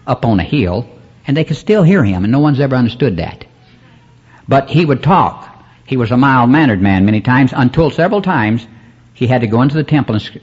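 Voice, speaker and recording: A man's voice: mid-range voice, slightly rough. A man preaching a rambling sermon at a church service, calling out to the congregation. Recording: dull lo-fi cassette recording.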